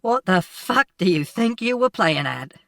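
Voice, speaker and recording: A furious middle-aged commuter barks curses in an audiobook, as a male reader puts him on. His voice jumps sharply up and down in pitch. It is recorded dry and a little away from the mic. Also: very animated, slow pace, dry recording, distant mic, exaggerated voice. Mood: shouting angrily. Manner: shouting, cursing, exasperated. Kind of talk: audiobook character voice.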